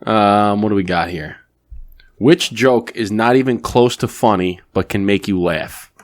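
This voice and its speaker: Low-voiced easygoing man. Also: a little slow. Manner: easygoing, rambling, many fillers and restarts when telling jokes. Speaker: podcast host. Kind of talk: casual chat.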